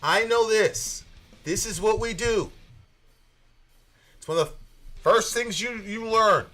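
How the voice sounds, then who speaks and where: A man in his thirties talks through the news as a podcast co-host. His voice is bright and forceful and sits a little high, and he pushes hard on his points, rambling and restarting as he goes. Soft guitar music plays behind him. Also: slow. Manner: animated, emphatic, rambling with restarts. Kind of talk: casual political commentary.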